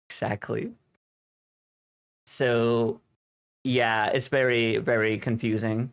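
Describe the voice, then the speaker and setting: A man with a Finnish accent, a native Finnish speaker, chatting casually with his stream chat into a desk microphone at home, with halting English full of fillers. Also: mid-range voice, steady tone. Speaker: livestream host.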